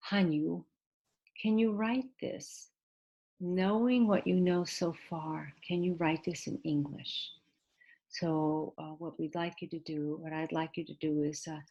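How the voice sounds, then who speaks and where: Slow, low-voiced woman teaching English. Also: warm tone. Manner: patient step-by-step explaining, spells out letters; hesitant, with frequent "uh" and restarts. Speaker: ESL teacher. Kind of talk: recorded video lesson over slides.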